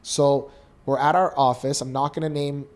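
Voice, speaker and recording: With a fairly high pitch and normal speed, a Canadian man in his thirties, co-host of a podcast, recounts a personal, emotional story. He sounds earnest and animated.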